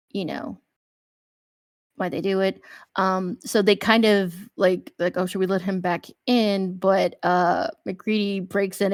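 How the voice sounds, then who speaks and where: A woman's voice: mid-range voice, no echo. Chatty woman podcaster, dry close mic. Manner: chatty, lots of fillers, animated retelling with acted-out shouts. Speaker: podcast co-host. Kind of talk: casual film discussion.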